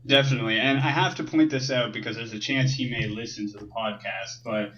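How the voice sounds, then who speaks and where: Man on a lo-fi call, animated. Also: mid-range voice, brisk. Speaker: podcast co-host. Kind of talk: casual podcast chat over a call. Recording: dull lo-fi call audio.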